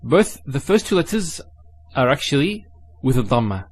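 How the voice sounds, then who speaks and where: A male teacher with a mid-range voice explains Arabic letters and vowels in a spoken lesson. He is patient and methodical, breaking words into syllables and sounding each one out slowly, then repeating it. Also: mid-range voice, big pitch swings.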